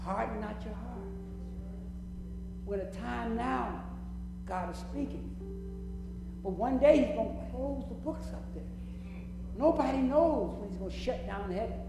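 A woman's voice: a little high, a little slow, creaky, pauses often. Fervent woman preaching in an echoing hall. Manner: emphatic, repeats phrases, chuckles often, acts out scenes. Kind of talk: fervent sermon. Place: church hall with congregation. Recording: echoey hall, music behind.

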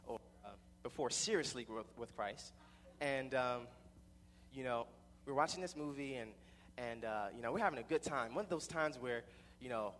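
A man's voice: mid-range voice, a bit bright, big-room sound, slight background noise. A young man telling a personal story in a rambling way, with many repeated restarts.

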